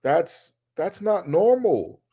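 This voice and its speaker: A man co-hosting a sports talk podcast, speaking emphatically and repeating points for stress, often climbing much higher when he rants. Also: very animated, slow pace, warm tone, slightly rough.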